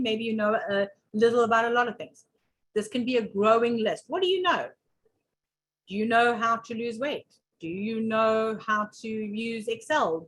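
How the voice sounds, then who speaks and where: A woman's voice: medium pitch, fairly bright tone, poor audio. A middle-aged woman, a public speaking coach, teaching a live workshop with emphatic, repeated questions.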